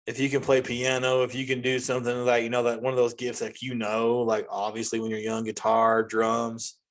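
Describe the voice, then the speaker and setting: A man, ranting through a casual comedy monologue as host. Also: normal speed. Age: 40s. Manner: ranting, animated, jumps to high-pitched outbursts.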